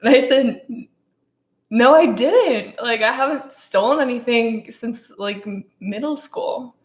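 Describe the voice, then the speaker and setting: A woman's voice: fairly high pitch, a little slow. A young woman co-hosting a casual podcast, playful and laughing often, telling stories with dramatic flair. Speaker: podcast co-host. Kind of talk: casual chat. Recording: echoey room.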